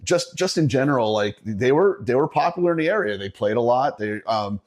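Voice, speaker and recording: A man's voice: medium pitch, lively intonation, fairly quick, a little mellow. A middle-aged man from Northeastern Pennsylvania, a podcast guest telling a profane story in casual chat, laughing often.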